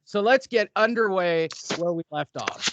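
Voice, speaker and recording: A man with a high, animated voice hosts a boxing podcast from a studio desk at a moderate pace, the audio's highs cut off and background noise audible. He rants loosely, cracking crude, profane jokes in casual podcast banter.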